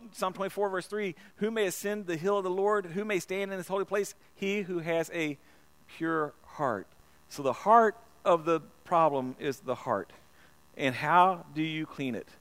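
A man's voice: fairly high pitch, fairly bright tone. A man preaching a sermon in a church, earnest and repeating himself, often stumbling and restarting his words. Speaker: pastor.

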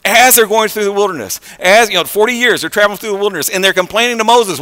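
A bright, forceful male voice, a little higher than most men, giving a sermon. He talks in a loose conversational way, restarting his sentences, and the sound rings out with the long reverb of a large hall. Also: fast talker, clean tone. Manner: conversational, animated, with many fillers and restarts. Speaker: preacher.

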